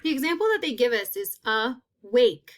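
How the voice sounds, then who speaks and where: A woman teacher giving a phonics lesson, stretching out sounds and repeating each word slowly. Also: fairly high pitch, animated.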